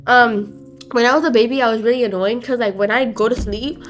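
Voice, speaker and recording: A woman co-hosting a podcast with her sister, chatting in an animated, slangy way on a close mic. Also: fairly high pitch, a little fast. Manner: animated and slangy, heavy on filler 'like', acts out voices. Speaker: podcast co-host, younger sister. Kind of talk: casual chat. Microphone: close studio mic.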